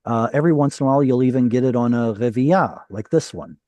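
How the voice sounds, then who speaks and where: A man's voice: mid-range voice, quick pace, dark tone, dry recording, highs cut off. A man teaching a Hebrew reading class over a video call, explaining patiently, quizzing his students and correcting himself as he goes.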